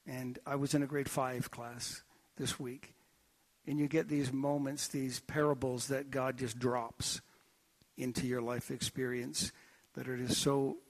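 A man preaching a sermon in a church, telling stories in an animated, joking way. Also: mid-range voice, measured pace. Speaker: pastor. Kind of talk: sermon with anecdotes.

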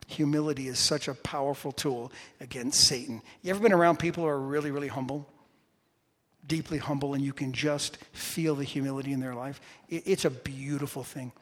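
A man preaching a sermon as pastor, chatting with the congregation and building to loud, emphatic bursts. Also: medium pitch, a little fast. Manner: conversational with the congregation. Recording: long hall reverb.

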